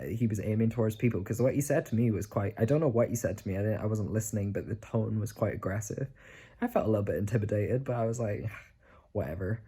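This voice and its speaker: A man's voice: lowish voice, dark tone, husky. A young man telling a story in a casual vlog, rambling with lots of fillers and acting out what others said. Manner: rambling, filler-heavy, acts out quoted voices. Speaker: vlogger.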